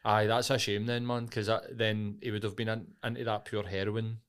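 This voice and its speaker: Low-voiced Scottish man, swearing and bantering. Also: little pitch movement, normal speed, a bit bright, clean tone. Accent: Scottish, Glasgow area. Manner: swearing, banter-heavy storytelling. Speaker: podcast co-host. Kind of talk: casual chat.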